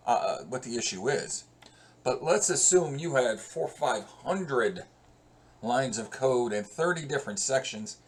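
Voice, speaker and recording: A male professor walking through code in a screen-recorded lesson, talking conversationally and thinking aloud as he works. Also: mid-range voice. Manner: slow, conversational, thinks aloud while working.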